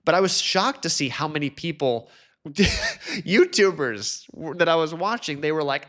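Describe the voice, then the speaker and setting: A man hosting a solo podcast, talking casually and chattily, now and then mimicking others in a high mocking voice. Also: very animated, fairly quick, fairly bright tone. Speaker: podcast host.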